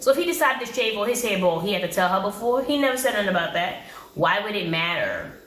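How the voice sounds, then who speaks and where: A woman's voice: medium pitch, animated, fast talker, fairly bright tone. A young woman giving casual reality TV recap commentary, blunt, slangy and exasperated. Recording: roomy echo.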